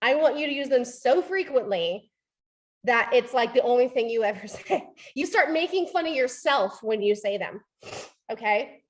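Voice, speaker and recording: High-voiced woman coaching a training group. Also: normal speed. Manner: animated, acts out quoted voices, frequent "right?". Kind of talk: motivational training talk.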